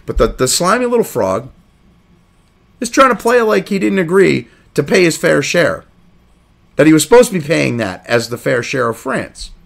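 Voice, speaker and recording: A man's voice: a little high, sing-song, moderate pace, creaky. A man hosting a political news commentary video, ranting angrily and sarcastically with heavy swearing. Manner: mocks others in put-on voices. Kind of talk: profane political commentary rant.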